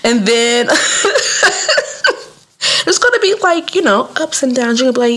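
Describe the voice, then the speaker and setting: A woman hosting her own podcast, telling a story in a loose, slangy way, laughing often and jumping up high whenever she quotes someone. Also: big pitch swings, takes it slowly, pauses often, fairly bright tone. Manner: loose slangy speech with frequent fillers. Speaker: podcast host. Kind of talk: casual solo podcast monologue.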